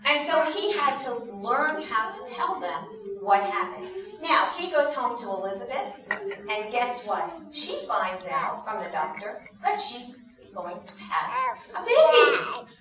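A woman in her fifties tells a Bible story to a group of children and keeps pausing to ask them questions. She is recorded from a distance in a very echoey room. The sound is dull, and there is noise behind her. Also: on the high side, a crowd in the background. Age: 50s. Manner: animated, asks the children questions.

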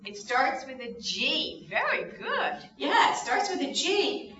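A woman leading a children's message in church, telling a story in an animated way and asking the children questions. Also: sits high, takes it slowly, a crowd in the background. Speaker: children's sermon leader. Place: church sanctuary. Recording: roomy distant church sound, muffled.

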